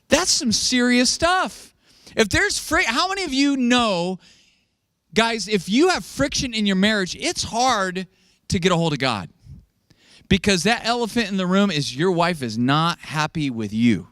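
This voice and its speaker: A male pastor preaching with humor, throwing his voice up high to act out what people say. His voice sits fairly high for a man. The sound is dry and close, with little room echo. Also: measured pace. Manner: animated, joking, acts out quotes in raised voice. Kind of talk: sermon.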